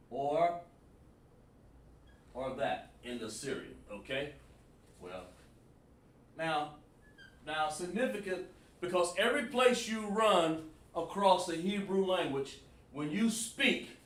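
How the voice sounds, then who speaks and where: A man teaching a live online class, calling on students by name and sounding out syllables slowly at a whiteboard. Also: on the high side, fairly bright tone. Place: room with a whiteboard. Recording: echoey room, voice far from the mic.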